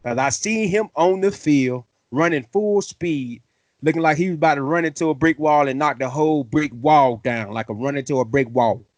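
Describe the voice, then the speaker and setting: A man hosting a sports fan show, excitable and playful, full of slang. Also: on the high side, normal speed, no room sound. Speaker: host. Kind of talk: fan sports podcast talk.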